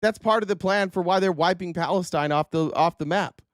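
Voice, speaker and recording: Man, livestream host, sarcastic, swears a lot, casual political rant, smooth resonant voice, slightly worn, dry close mic. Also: high-pitched, a little fast, no echo. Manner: sarcastic, profane, reads chat comments. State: voice a bit worn.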